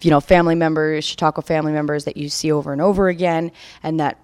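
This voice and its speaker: A woman's voice: low-pitched, fairly even intonation, fast, darkish tone, clean tone, no room sound. A woman emceeing a live community gathering, talking loosely with fillers as she introduces a newcomer. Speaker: community tour organizer and emcee.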